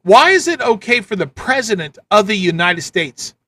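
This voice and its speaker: A man running a live stream with a high, bright voice. He rants blunt political commentary, repeating his points. The delivery is casual and hard-hitting. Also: very animated, moderate pace, dry recording. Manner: ranting, repetitive, blunt. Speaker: livestream host.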